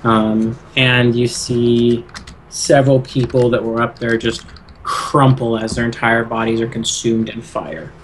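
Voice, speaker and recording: A man narrating a tabletop role-playing game as game master, halting with many fillers. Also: mid-range voice, fairly even intonation, a little hiss or hum.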